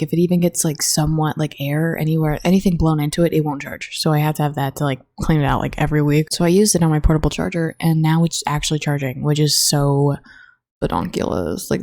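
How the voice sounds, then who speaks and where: A young woman with a low, mellow voice talks straight into her own mic in a casual solo podcast. She rambles and swears in a flat, bored tone. The sound is dry and close. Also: no room sound. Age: young adult. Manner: rambling, profane, flatly bored. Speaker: college student podcast host. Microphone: own desk microphone.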